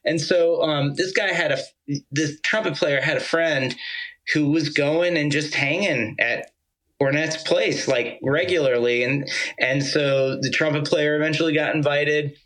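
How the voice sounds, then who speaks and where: A man from Georgia, a musician guest, telling a rambling, animated story full of "like" and casual swearing. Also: a little high, unhurried, rough recording.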